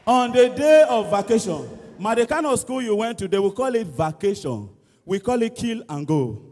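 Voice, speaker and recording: A Nigerian man tells stand-up comedy with lively, animated delivery in a very high voice. His voice rings out with a long echo through a large church hall. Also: moderate pace. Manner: animated, mimics school songs and shouts. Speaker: comedian contestant. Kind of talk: stand-up comedy in Pidgin and English.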